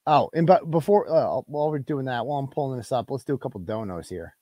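A man's voice: medium pitch, lively intonation, fast talker, no echo, lo-fi sound. A man hosting a live web show, ranting in a brash, profane and combative way and reading out viewer donations. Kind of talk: casual livestream rant.

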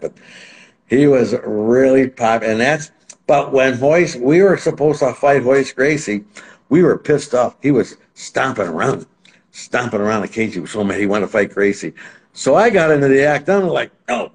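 Low-voiced man telling animated stories. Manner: animated, acts out quotes in other voices. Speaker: interview guest. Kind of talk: casual anecdotal storytelling.

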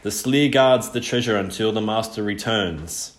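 A man voicing an ancient three-headed serpent guardian, speaking in a slow, intoning way in an audiobook reading. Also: lowish voice, lightly acted. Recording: roomy echo.

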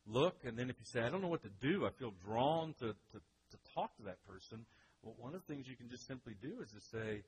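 A man preaching a sermon as pastor, earnest and conversational, slowing down for emphasis. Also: medium pitch, sing-song, darkish tone, a little hiss or hum, low-quality recording.

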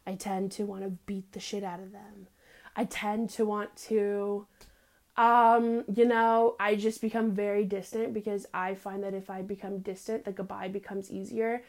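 Young woman host, brash, foul-mouthed, chatty confessional monologue, mid pitch. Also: flat delivery, moderate pace, a little mellow. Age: young adult. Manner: profane, sassy, rambling, slangy.

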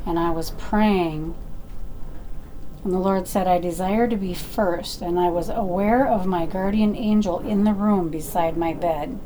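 A woman with a warm, mellow voice reads aloud from her prayer journal and shares her revelations. She talks unhurriedly and haltingly, pausing on fillers and correcting herself as she goes. There is a faint hiss of noise behind her voice. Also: on the low side. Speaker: Christian speaker sharing personal revelations.

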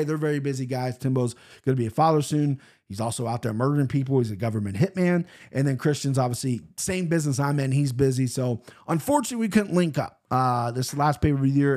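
A man in a mid-range voice rambles through his betting picks in loose, profane chat. He talks bluntly and drifts off on tangents, and he swings between loud bursts and quiet asides. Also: medium pitch. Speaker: podcast host picking fight bets.

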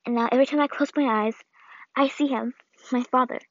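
A woman reading the farewell letter of an old, ailing grandmother in a solemn, measured way, on a dull, lo-fi recording. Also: high-pitched, steady tone, dry recording, close to an everyday voice. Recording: dull, lo-fi dry read.

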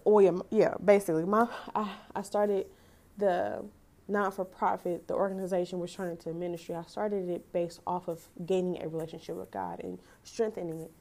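A woman's voice: lowish voice, flat delivery, moderate pace, vocal fry, dark tone. A young woman hosting a faith podcast. She reads scripture aloud and talks about it in an earnest, emotional way, often stopping to correct herself. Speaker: podcast host. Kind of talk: casual devotional talk.

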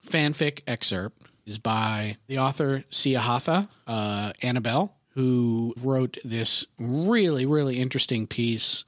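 A woman's voice: rumbling low, unhurried, dry recording. Woman podcast co-host, jokey, teasing, dry close sound. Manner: joking, teasing, introduces segments. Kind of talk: casual podcast chat.

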